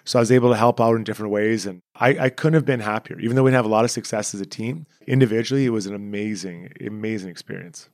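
A Canadian man in his forties tells stories from his playing days at a brisk clip. He is chatty and self-deprecating, and he livens up as he retells a scene. The sound is dry and close, with no room in it. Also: on the low side, darkish tone, no room sound. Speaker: former hockey player, guest. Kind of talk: casual interview storytelling.

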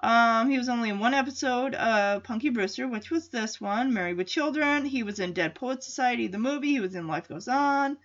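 A woman's voice: a little high, a little fast, hardly any pauses, muffled recording. A woman hosting a podcast, recapping an episode in a casual, rambling way and thinking aloud with many fillers and restarts. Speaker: podcast host.

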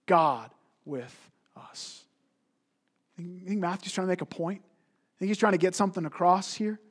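Husky high-voiced man preaching. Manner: emphatic preaching with rhetorical questions and frequent word repeats. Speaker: pastor. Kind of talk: sermon.

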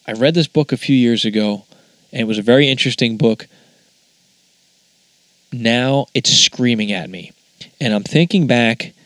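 A man talks through his thoughts in a loose, conversational monologue, drifting off track and circling back. His voice sits at a middling pitch. The sound is dry and close, with no room echo. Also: normal speed, pauses often, a bit bright. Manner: musing, conversational, wanders off track. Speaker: podcast host. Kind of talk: casual spoken monologue.

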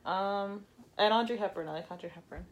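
A woman's voice: medium pitch, a little fast. A young woman from Florida co-hosting a podcast, dry and self-mocking, laughing often in casual chat. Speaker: podcast co-host. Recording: faint background noise.

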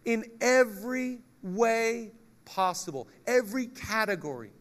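A male pastor preaching a lively sermon, joking with the congregation and reading scripture aloud. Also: sits high, a little slow.

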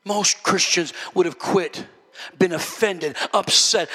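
Male preacher, high and sharp, emphatic folksy sermon delivery; long church reverb. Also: slow pace, breathy edge. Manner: fervent, emphatic, folksy asides. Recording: echoey church hall.

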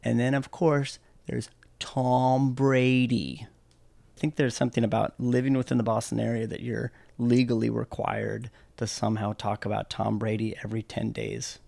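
A man chats as a co-host with dry, wry teasing. His voice carries a gravelly fry at a middle pitch. He is recorded close, with a dry sound. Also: level tone, moderate pace, a little mellow, no room sound. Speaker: podcast co-host. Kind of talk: casual chat.

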